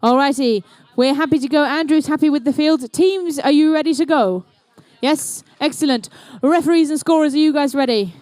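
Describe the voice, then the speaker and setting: A woman's voice: high voice, normal speed, few pauses, darkish tone, dry recording. A woman with a New Zealand accent giving live commentary at an indoor robotics competition, playful and chatty, with jokey asides to the teams and crowd. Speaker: event commentator and emcee.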